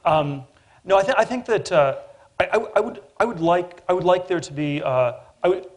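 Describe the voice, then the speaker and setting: A middle-aged man speaking as a guest at a public forum, halting with many fillers and repeated restarts. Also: high voice, animated. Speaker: panel guest.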